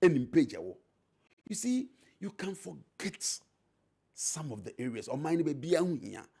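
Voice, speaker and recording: A middle-aged Ghanaian man talks politics on a talk show, his husky voice leaping up and down in pitch. He is emphatic and repetitive, drawing out the words he wants to land. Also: very animated, a little slow, warm tone. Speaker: politician guest, former MP. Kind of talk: animated political talk show debate, mixing English and Twi.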